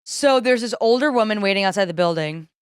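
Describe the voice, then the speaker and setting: A woman's voice: fairly quick, clean tone, no room sound, studio quality. A young woman co-hosting a podcast, telling a story in casual chat and acting out angry quotes. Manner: animated, acts out angry quotes in a shrill voice. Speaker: podcast co-host.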